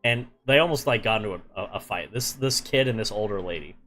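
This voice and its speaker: A man's voice: lowish voice, fast, fairly bright tone, faint music behind. A young man streaming while he draws, telling a travel story in a rambling, casual way with many fillers and restarts.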